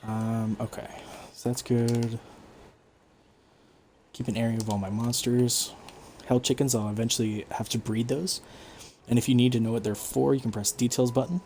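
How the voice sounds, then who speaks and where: A man giving relaxed, explanatory commentary over his own gameplay stream, with frequent fillers. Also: mid-range voice, normal speed, pauses often, a little hiss or hum. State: hiccups. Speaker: gaming streamer.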